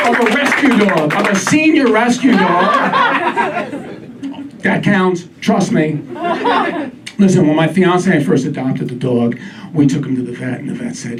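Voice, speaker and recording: A man doing a stand-up comedy set on a club stage, wry with deadpan asides. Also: sits high, normal speed, heavy background noise. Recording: distant mic, live crowd laughter.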